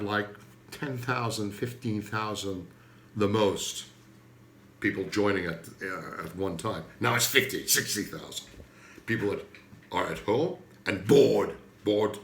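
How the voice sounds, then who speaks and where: A man doing a stand-up comedy monologue, emphatic, leaping from loud outbursts to mutters. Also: fairly low pitch, echoey room, a little hiss or hum. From Turkey.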